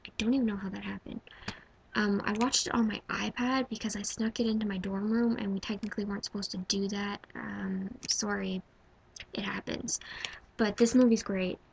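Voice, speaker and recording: A woman in her twenties vlogging casually about her favorite movies. She gushes, swinging from loud exclaiming to hushed whispers. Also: mid-range voice, steady tone, moderate pace, vocal fry, a little hiss or hum, low-quality recording. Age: 20s. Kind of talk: casual movie-ranking vlog.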